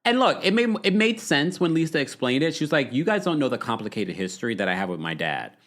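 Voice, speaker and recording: A man hosts a reality TV recap, chatting casually and reading out viewer comments. His voice sits in a middle register but swings widely, leaping high when he is amused. The delivery is loose and animated. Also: fast talker. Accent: New York. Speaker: podcast host.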